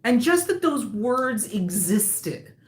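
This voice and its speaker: A woman's voice: a little high, big pitch swings, slow pace, reverberant. A woman who designs knitting patterns, hosting a live stream in casual chat that wanders off on tangents, laughing often.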